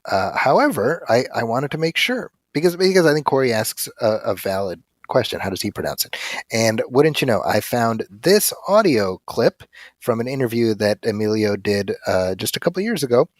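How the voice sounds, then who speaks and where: A man co-hosting a podcast, chatting casually and reading listener mail with animated storytelling. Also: medium pitch, moderate pace, no room sound, clean studio sound. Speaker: podcast co-host. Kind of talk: casual chat.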